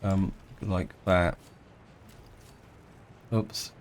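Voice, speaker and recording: A man of middle age narrates his city-building game in a relaxed, unhurried way. His voice sits on the low side, and he pauses often, restarting sentences and weighing his options aloud as he goes. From England. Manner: thinking aloud, hesitant, many restarts. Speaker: game let's-player. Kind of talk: casual gameplay commentary.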